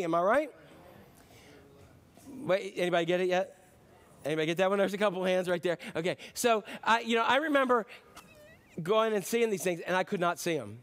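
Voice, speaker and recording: A middle-aged pastor with a high voice preaching in a church. He talks in a loose, chatty way, piles up rhetorical questions and drifts into asides to the congregation. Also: brisk, fairly bright tone. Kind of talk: sermon.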